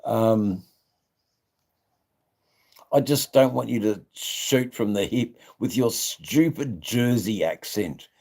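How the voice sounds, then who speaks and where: Deep, slow man rambling crudely. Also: darkish tone. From Australia. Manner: rambling, crude and jokey, with frequent ums and laughs. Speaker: livestream host. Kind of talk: casual live-stream chat.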